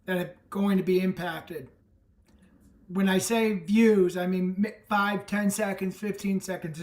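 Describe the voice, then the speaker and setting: Brief: energetic male summit host, roomy echo, sounds set back from the mic. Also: sits high. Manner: enthusiastic, emphatic pep talk. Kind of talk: live video call talk. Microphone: video call. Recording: echoey room, distant from the mic.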